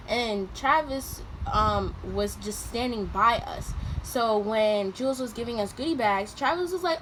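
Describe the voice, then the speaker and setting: Young woman vlogging, highish voice, slangy and animated, jumps loud when she quotes people, some noise behind. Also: normal speed, few pauses. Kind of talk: casual storytelling to camera. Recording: noticeable background noise.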